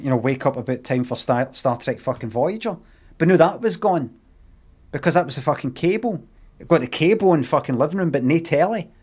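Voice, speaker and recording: A man's voice: medium pitch, a little mellow. A Scottish man on a live stream telling a rambling, heavily sweary anecdote in a casual way.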